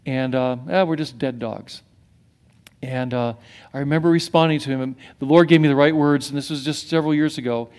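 Animated middle-aged male preacher, higher voice. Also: quick pace, clean tone. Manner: animated preaching that swings from hushed to emphatic, with many restarts. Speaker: pastor. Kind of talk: sermon.

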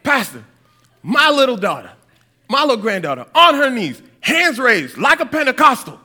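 A man voicing an older churchgoing grandmother who hates cats, telling her tale with rising, breathless excitement. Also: high-pitched, normal speed. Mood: excited. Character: older cat-hating church grandmother, dramatic.

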